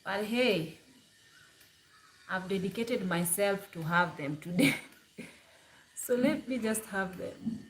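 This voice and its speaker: A woman from Kenya, chatting bluntly and casually to the camera as a vlogger, quick to laugh. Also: mid-range voice, a little hiss or hum.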